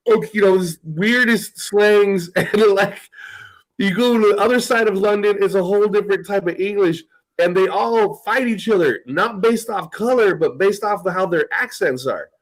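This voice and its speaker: A US podcast host chats casually, cursing, rambling, and laughing often. His voice sits high and moves at a normal speed, on a rough recording.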